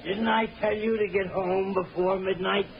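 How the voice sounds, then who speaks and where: A man's voice: sits high, steady tone, normal speed, gravelly. A drunken, snarling brute of a father. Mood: angry. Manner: snarling, threatening. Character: drunken bullying father, middle-aged man. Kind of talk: radio drama acting. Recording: dull old radio recording with hiss.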